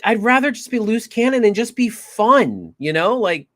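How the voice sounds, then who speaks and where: Excitable man hosting a review chat. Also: sits high, normal speed. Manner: excitable, stumbling restarts. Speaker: show host.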